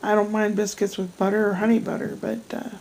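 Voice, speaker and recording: Middle-aged woman, gravelly, chatty home vlogger, rambling and self-deprecating. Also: mid-range voice, level tone, a little fast, a little mellow, a little hiss or hum, poor audio. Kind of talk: casual chat. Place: home at night.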